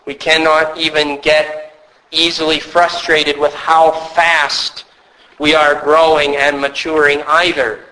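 A male pastor giving a sermon, earnest and measured, with occasional storytelling asides. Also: on the high side, level tone, sharp tone, poor audio.

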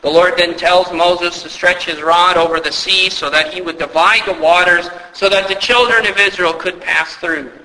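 Bright, forceful, and pitched high, a male pastor's voice fills an echoey hall with long reverb. He delivers his sermon with earnest emphasis, asking rhetorical questions along the way.

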